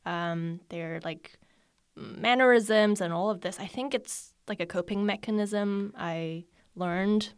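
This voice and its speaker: A woman with an American accent, hosting a relaxed conversation and telling stories in a lively way. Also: medium pitch, takes it slowly, smooth, no room sound, studio quality. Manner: relaxed, laughs easily, lively storytelling. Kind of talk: casual conversation.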